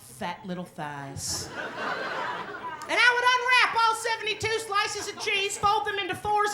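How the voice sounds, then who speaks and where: Brash high-voiced woman comic. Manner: brash, crude, animated storytelling. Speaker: stand-up comedian. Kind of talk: stand-up set. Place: comedy club stage. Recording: echoey club with loud crowd and noise.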